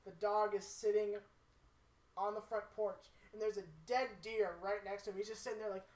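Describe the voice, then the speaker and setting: A woman's voice: medium pitch, flat delivery, moderate pace, darkish tone. A young woman, a podcast co-host, telling rambling stories in casual group chat and laughing often. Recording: roomy echo.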